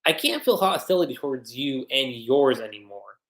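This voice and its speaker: A man reading out lines of a weary, gentle male ghost-like guild member in a subdued way, in an echoey room. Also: medium pitch, animated, moderate pace, natural voice. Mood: wistful.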